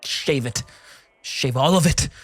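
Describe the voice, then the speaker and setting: A man's voice: medium pitch, takes it slowly, no echo, soft background music, pitched above the performer's own voice. A man voicing a weary, terrified man in his thirties who pleads frantically. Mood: desperate.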